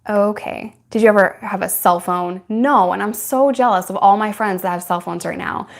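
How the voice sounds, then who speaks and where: A woman's voice: medium pitch, moderate pace, gravelly. A young woman talking straight to camera, answering questions from her viewers. She is candid and chatty, laughs often, and speaks in an ordinary mid-range voice. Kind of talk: casual Q&A chat.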